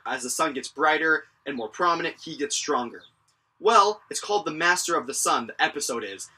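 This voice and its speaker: A man's voice: on the high side, bright, forceful tone. A young man casually recapping and reviewing an anime episode, rambling with lots of fillers and chuckles.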